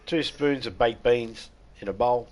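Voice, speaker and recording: Speaking a little slowly at medium pitch, an Aussie gamer chats casually while streaming. He cracks irreverent jokes and swears freely.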